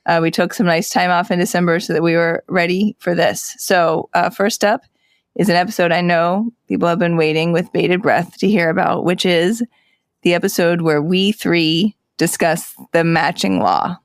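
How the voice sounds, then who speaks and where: A woman's voice: on the low side, steady tone, moderate pace, smooth, no room sound, clean studio sound. A woman co-hosting a podcast, upbeat and teasing, reading out article titles in casual chat. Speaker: podcast co-host.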